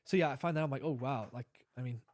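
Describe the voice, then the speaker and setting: At a quick pace, a man with a mid-range, slightly mellow voice shares a long personal story as a podcast guest; he's an Army veteran in a casual interview. He rambles through many fillers and restarts and acts out quoted lines. There's no room sound.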